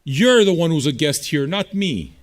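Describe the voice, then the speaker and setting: A man hosting a live music stream, chatting straight at his viewers. His voice sits a bit high and swings widely in pitch. He talks bluntly, with plenty of swearing and combative teasing. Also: sing-song, moderate pace. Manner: blunt, profane, combative banter. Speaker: streaming radio DJ host. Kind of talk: casual livestream chat answering viewers.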